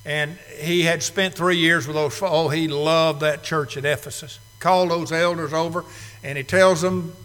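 A man preaching a sermon, emphatic, swinging between quiet asides and loud declarations. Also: on the high side, steady tone, moderate pace. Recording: long reverb of a large hall.

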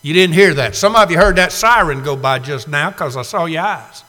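A man preaching a sermon, swinging from loud to hushed, with slow emphatic phrasing. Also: on the high side. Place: church sanctuary. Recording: long hall reverb.

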